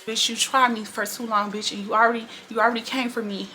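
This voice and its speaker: A woman recounts a workplace story straight to her viewers in loose, profane storytime chat. Her voice is bright and edged, and her delivery stays blunt and animated. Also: fairly high pitch, fast talker, slight background noise. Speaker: storytime vlogger. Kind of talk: casual storytime monologue.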